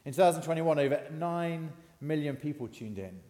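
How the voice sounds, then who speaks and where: A man's voice: a little high, animated, moderate pace, dark tone, big-room sound. A man giving a conversational sermon, asking the congregation questions as he goes. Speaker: preacher. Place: church.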